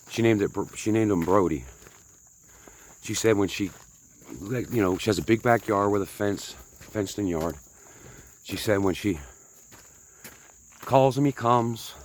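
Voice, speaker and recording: Man, very low voice, out of breath, rambling hiking vlog, self-mocking, outdoor trail, faint crickets behind. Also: slight background noise. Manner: chatty, self-mocking, talks to viewers as folks. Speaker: vlogger.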